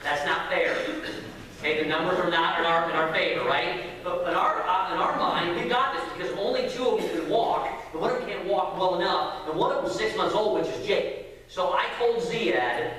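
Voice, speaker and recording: Man, preacher, animated storytelling, roomy church echo, faint room noise. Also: high-pitched, normal speed. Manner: animated storyteller acting out voices. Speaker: pastor. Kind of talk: sermon storytelling. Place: church sanctuary. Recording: echoey hall from far off.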